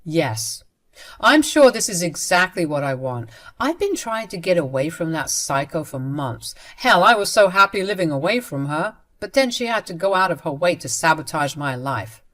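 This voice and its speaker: A fed-up young man, read by a woman narrator in a storybook drama. He speaks firmly and with resentment. The voice remains the narrator's own fairly low one. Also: very animated, normal speed, fairly bright tone. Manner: firm, resentful.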